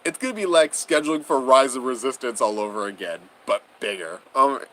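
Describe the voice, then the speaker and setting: A man's voice: mid-range voice, animated, brisk, fairly bright tone, rough recording. A young man hosting a casual livestream, chatting with viewers in a bubbly, gushing way and laughing often. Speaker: livestream host.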